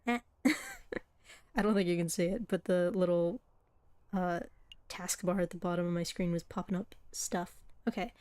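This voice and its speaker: A woman's voice: on the low side, steady tone, normal speed, pauses often, darkish tone, smooth, no echo. A woman playing through a game on stream and chatting with viewers between dialogue lines. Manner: chatty, giggly asides to viewers. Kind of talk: casual game playthrough, reading dialogue aloud. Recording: light background music.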